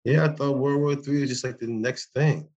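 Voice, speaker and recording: A man's voice: mid-range voice, fairly even intonation, moderate pace, a little mellow, lo-fi sound. A man in his forties co-hosting a podcast in casual chat, rambling and preachy, recorded on a makeshift mic. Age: 40s. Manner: loose, preachy, rambling street talk. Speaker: podcast co-host. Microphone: broken mic, poor substitute.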